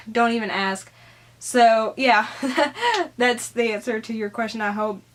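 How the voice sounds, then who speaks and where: A woman's voice: on the high side, slow. A young Southern American woman with a Southern accent, chatting casually as she answers viewer questions in her vlog. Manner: chatty, rambling, giggly.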